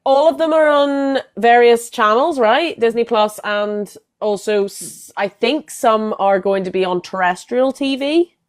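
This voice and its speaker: A woman's voice: fairly high pitch, a little slow, hardly any pauses. A woman co-hosting a football podcast, chatting casually and matter-of-factly about the games. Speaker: podcast co-host. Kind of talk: casual chat.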